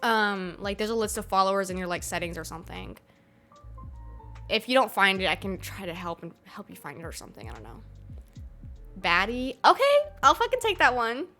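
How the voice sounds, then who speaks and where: A woman's voice: medium pitch, very animated, brisk, sharp tone, faint music behind. A young American woman streaming, chatting casually with her live chat, laughing often and swearing freely.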